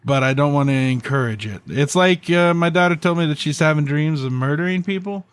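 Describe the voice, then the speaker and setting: Deadpan man with crude jokes. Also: fairly high pitch, a little fast, smooth, no room sound. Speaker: podcast co-host. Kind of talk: casual podcast chat.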